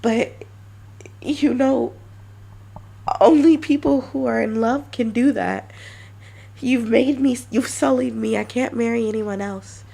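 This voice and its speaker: A woman's voice: fairly high pitch, slow pace, vocal fry, pauses often, mellow, pitched above the performer's own voice, heavily acted. Woman doing a clingy lizard girl. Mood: insistent. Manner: pleading, then demanding.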